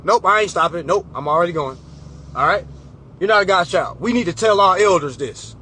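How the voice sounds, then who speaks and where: A man with a high-pitched voice delivering a preachy, animated talk to his followers. He leans on slang and keeps checking in with "okay?". A faint hum of a car runs underneath. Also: brisk. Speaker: financial mentor. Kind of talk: casual motivational talk.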